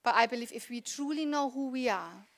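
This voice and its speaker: A woman's voice: a little high, lively intonation, a little fast, creaky. A woman in her thirties preaching a sermon in a conversational, earnest way, asking the congregation rhetorical questions. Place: church.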